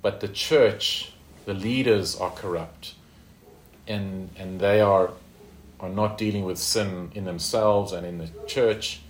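Low-voiced man teaching scripture. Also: fairly even intonation, slow pace, roomy sound, slight background noise. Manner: conversational, with frequent fillers and tag questions. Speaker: Bible teacher. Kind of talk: informal Bible study teaching.

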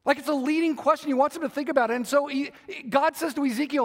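This preacher's voice is very high-pitched and fast, with hardly any pauses, trailed by long reverb. He hammers his points home by repeating and rephrasing them and asks the congregation rhetorical questions.

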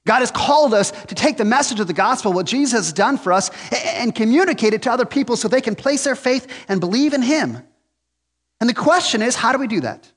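Earnest, high-voiced man preaching in an echoey hall. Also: lively intonation, a little fast, breathy edge. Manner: earnest, joking, frequent restarts. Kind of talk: conversational sermon.

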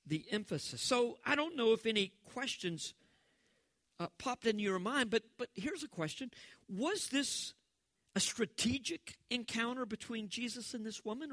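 Animated bright-voiced male pastor preaching. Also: high voice, no echo. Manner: conversational and animated, acting out quoted voices. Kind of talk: sermon.

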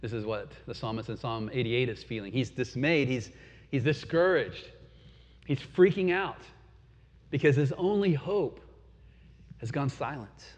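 Male pastor, earnest sermon delivery, slightly husky voice, long hall reverb on a dull recording. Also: mid-range voice. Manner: earnest, reflective, rhetorical questions, drops to quiet pauses.

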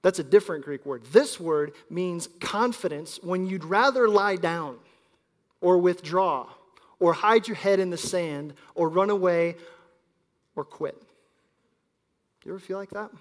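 High-voiced man preaching in a big hall. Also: unhurried. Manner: storytelling preacher, shifts between loud emphasis and quiet. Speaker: pastor. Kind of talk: sermon. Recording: long hall reverb.

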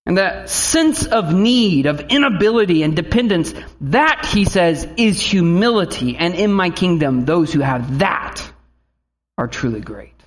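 A man's voice: high voice, lively intonation, measured pace. A man in his thirties, a pastor giving a conversational sermon who acts out quotes and family stories.

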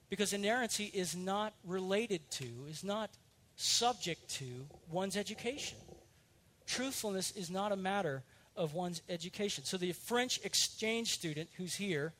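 A middle-aged male pastor teaching a sermon in an earnest, conversational way, with lively asides and self-corrections. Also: high-pitched.

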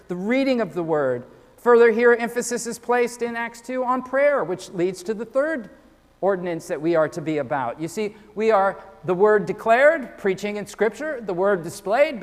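A man preaching a sermon as a pastor, earnest and often repeating words as he starts sentences. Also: high-pitched. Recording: long hall reverb.

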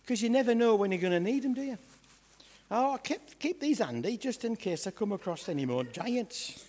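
A man playing a boastful, comic young shepherd lad, chatting and joking with a church congregation in a raspy voice. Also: high-pitched, lively intonation, normal speed, darkish tone. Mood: cheeky. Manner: chatty, jokey, asides to the congregation. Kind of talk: comic storytelling sketch in church. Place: church hall. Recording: echoey church hall.

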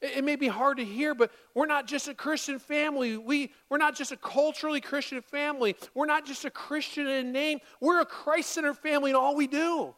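High-voiced animated male pastor. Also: brisk, few pauses, big-room sound. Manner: animated, acts out quoted apologies in a raised voice. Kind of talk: sermon. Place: church sanctuary.

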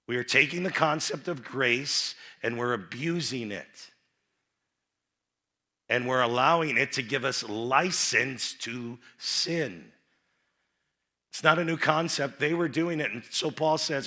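A man preaching a youth rally sermon, dropping into quiet asides and rising to loud emphatic bursts, often repeating and restarting his phrases. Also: on the low side, normal speed.

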